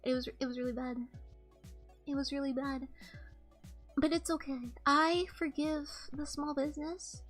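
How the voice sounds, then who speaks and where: High-voiced young woman rambling on stream. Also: flat delivery, moderate pace, long pauses. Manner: rambling, candid storytelling with swearing. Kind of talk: casual livestream chat. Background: faint background music.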